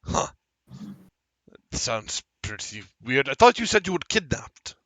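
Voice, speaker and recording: A man's voice: mid-range voice, big pitch swings, unhurried, sharp tone. A man running a tabletop game as game master, narrating and asking wry questions.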